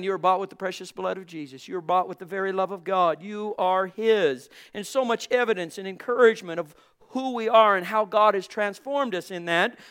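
Man, pastor, sermon, high voice, resonant and clear, emphatic rises and soft drops, slow drawn-out scripture reading.

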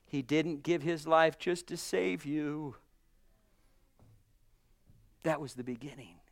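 A man preaching a sermon to a congregation, fervent, swinging from hushed, soft passages to loud exclamations. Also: a little high, takes it slowly, gravelly, no room sound. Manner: addresses congregation as brothers and sisters. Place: church.

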